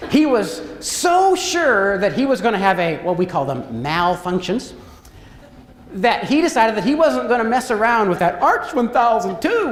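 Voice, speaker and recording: A man giving a storytelling keynote talk as a motivational speaker, acting out scenes and quotes with big swings in his voice. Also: slight background noise. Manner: animated, acts out scenes and quotes with big pitch jumps. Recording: echoey hall with faint ambience.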